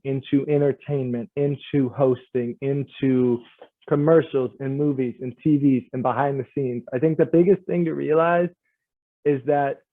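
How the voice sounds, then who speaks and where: Upbeat guy actor giving advice, sounds like a phone line, mid pitch. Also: no echo. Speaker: actor and on-air personality, podcast guest. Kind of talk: casual chat.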